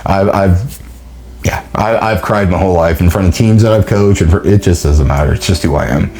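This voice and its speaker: Near tears, a man with a low, dark-toned voice delivers an emotional, heartfelt motivational monologue on his own podcast, halting and restarting as he speaks.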